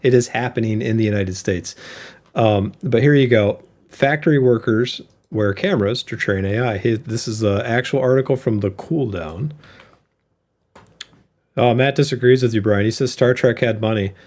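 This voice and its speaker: A man's voice: medium pitch, normal speed, darkish tone. A man co-hosting an investing show, joking and interrupting in casual chat. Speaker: co-host.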